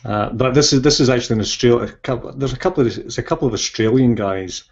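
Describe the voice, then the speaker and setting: A man's voice: medium pitch, quick pace. A man, an author being interviewed, telling a story in a meandering, hesitant way, on lo-fi audio. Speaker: guest, author. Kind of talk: casual interview chat. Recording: lo-fi dull audio.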